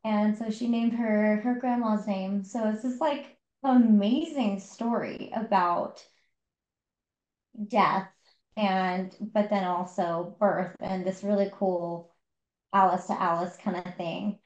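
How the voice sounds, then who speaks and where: A woman's voice: medium pitch, steady tone, takes it slowly, a little mellow, dull audio. Chatty woman retelling a book, echoey. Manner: retelling a story with many fillers. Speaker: podcast co-host. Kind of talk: casual book discussion.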